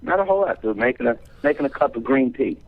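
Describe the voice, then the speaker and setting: A man calling in to a podcast, chatting in an easygoing, slightly halting way. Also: medium pitch, expressive, no room sound. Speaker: caller. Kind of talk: casual phone chat. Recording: tinny dry phone line.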